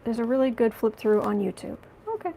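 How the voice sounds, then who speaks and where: Gravelly-voiced woman doing a heated tarot stream. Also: fairly high pitch, expressive, fairly quick, noisy background. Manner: heated, indignant, talks back to viewer comments; frequent restarts and apologies. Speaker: tarot reader and livestream host. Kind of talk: live-streamed chat and tarot reading.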